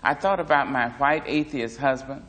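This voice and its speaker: A man narrating a memoir in a measured, expressive reading voice. His pitch sits in an ordinary middle range for a man.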